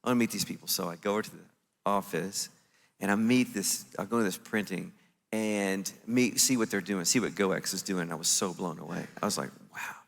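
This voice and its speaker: A man's voice: low-pitched, fairly quick, gravelly. A man telling a story to a conference audience from the stage, acting out his own reactions as he goes. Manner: animated, acts out his own quoted reactions. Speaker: conference speaker. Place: conference stage in a large venue. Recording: echoey large hall.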